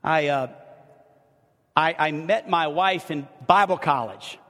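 A middle-aged man preaches a story-driven sermon from the pulpit, stumbling into restarts and repeated words as he warms to his tale. His voice sits a little high for a man, and each phrase rings out into the long reverb of a large church hall. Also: takes it slowly. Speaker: pastor. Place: church sanctuary.

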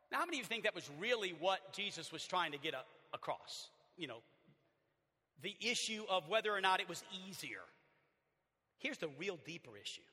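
A male pastor with a Southern accent preaching a sermon in a church, animated, swinging from loud to hushed. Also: high-pitched, brisk. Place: church sanctuary. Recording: long church reverb.

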